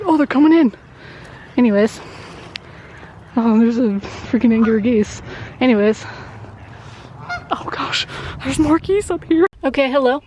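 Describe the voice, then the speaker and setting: A young woman from Colorado talking casually in a vlog. She is chatty, laughs often and drops into hushed asides. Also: on the high side, a little hiss or hum, low-quality recording. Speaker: vlogger. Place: outdoors on a walk, later at a hospital.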